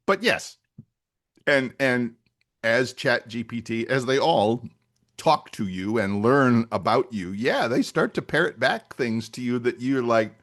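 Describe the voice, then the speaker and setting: A man's voice: mid-range voice, animated, measured pace, fairly bright tone. A male podcast co-host in casual chat, chatty, laughing often and trailing off mid-sentence.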